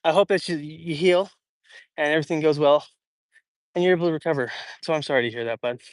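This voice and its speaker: Young male streamer, slightly higher voice, chatty and filler-heavy, overheated on an outdoor walk, dry phone-mic sound. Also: quick pace, no room sound. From Idaho. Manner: chatty, rambling, many fillers and restarts. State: hot and sweaty from walking. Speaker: livestream host answering chat. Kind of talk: casual walk-and-talk livestream. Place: outdoors in a large public park.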